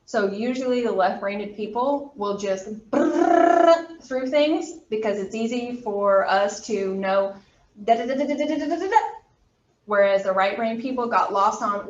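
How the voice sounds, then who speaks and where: Fast-talking woman lecturing in an echoey classroom. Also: mid-range voice, far from the mic, a little hiss or hum. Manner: fast, emphatic, chatty asides. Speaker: college anatomy instructor. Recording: echoey, dull lecture room recording from afar.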